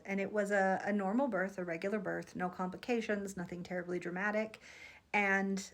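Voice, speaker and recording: A woman in her thirties talks straight to her viewers in an earnest, heartfelt vlog. Her voice sits at an ordinary middle pitch, and she tells her story with open feeling. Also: a bit bright. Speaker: psychic vlogger. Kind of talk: casual vlog monologue.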